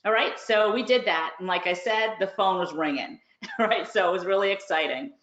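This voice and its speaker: A chatty woman tells a story on a live webinar, acting out the calls in quick bursts. Her voice sits in the middle of the range. The audio is roomy and a little dull. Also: mid-range voice, a bit bright. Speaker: course reviewer and online business host. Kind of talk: casual webinar talk.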